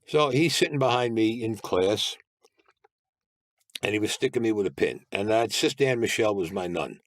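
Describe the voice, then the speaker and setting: A man's voice: fairly low pitch, lively intonation, moderate pace, dry recording. An older man, a guest telling blunt, streetwise stories full of profanity. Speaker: interview guest. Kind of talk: casual storytelling.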